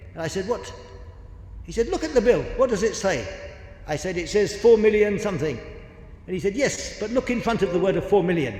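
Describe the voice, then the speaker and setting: A man, preaching and telling a story with lots of quoted dialogue. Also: high voice. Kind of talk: sermon. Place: large church hall. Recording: echoey church hall with long reverb.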